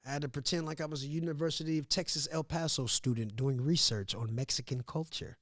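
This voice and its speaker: A man from Missouri, a podcast guest, telling a story in a casual, animated, profane way and acting out what others said. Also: a little high, brisk, dry recording, studio quality. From Grandview, Missouri. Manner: animated, profane, laughs often, acts out quotes.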